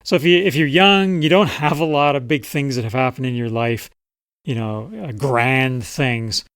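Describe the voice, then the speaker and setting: This man's mid-range voice is fairly bright, clear and resonant, moving at normal speed in a dry, clean studio recording. As a writing coach, he chats casually about memoir writing and reads passages from a client's memoir.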